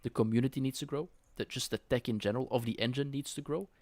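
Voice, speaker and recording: A man's voice: medium pitch, fairly even intonation, fast, darkish tone, no echo. A man co-hosting a casual game development podcast chat, talking loosely with frequent restarts. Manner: chatty, with frequent restarts and laughs. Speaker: co-host.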